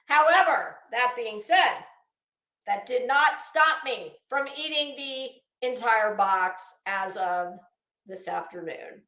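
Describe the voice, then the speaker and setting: High woman's voice, unhurried delivery, swearing rant, echoey room. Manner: profane, animated storytelling. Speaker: host. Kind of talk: casual rant to camera.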